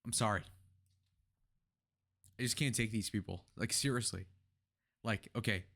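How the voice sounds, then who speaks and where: A man's voice: fairly low pitch, measured pace, creaky, fairly bright tone. A young man reacting to a political interview, talking heatedly and sarcastically with profane outbursts. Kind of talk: reaction commentary.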